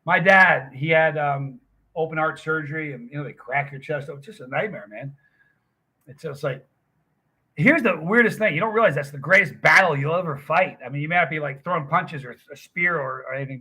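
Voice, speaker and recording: Husky, forceful middle-aged man chatting. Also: a little high, brisk. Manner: rambling storyteller, chatty. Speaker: livestream host. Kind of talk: casual chat with live viewers.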